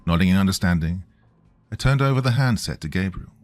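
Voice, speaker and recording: A man reading a scripted horror story in a measured, grave manner. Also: low voice, animated, faint music behind. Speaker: narrator.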